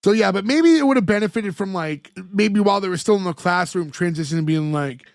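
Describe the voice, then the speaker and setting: Man, high-pitched, dry recording, casual podcast recap, rambling filler-heavy delivery. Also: expressive, brisk, no room sound. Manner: retells scenes at length, heavy use of "like" as a filler. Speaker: podcast co-host recapping a sitcom episode. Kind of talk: casual chat.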